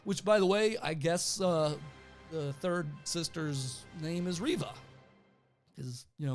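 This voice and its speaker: A man's voice: fairly high pitch, slow, faint music behind. A young adult man casually recapping a show episode, rambling with fillers and laughing often. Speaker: show reviewer.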